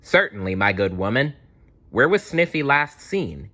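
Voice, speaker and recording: Storybook detective, pompous and bumbling, lively bright tone, as a reader puts him on. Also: male voice, mid-range voice, a little slow, voice pushed up, heavily acted. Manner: grand and self-important.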